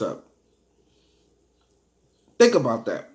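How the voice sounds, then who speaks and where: Man, bible teacher, slightly high-pitched, slow verse reading, casual explaining, heartfelt. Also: very animated. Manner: reads scripture slowly then explains in casual talk, repeating "you know what I mean". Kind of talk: informal bible study teaching.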